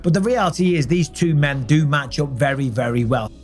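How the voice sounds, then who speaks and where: Man, higher voice, emphatic, animated commentary, faint music. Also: fairly quick. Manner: emphatic, rhetorical lists.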